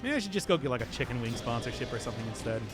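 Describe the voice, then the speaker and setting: A man's voice: medium pitch, lively intonation, rapid-fire, over music. A man from the American Midwest with a Midwestern accent, rambling and giggling through casual commentary while streaming a game. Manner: rambling, giggly, laughs often. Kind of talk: live gameplay commentary, casual chat.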